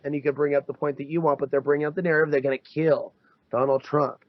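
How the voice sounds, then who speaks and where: A man's voice: fairly high pitch, little pitch movement, quick pace, dry recording. A man co-hosting a podcast in casual chat, talking animatedly and slipping into mocking quoted voices. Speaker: podcast co-host. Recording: dull, dry lo-fi podcast audio.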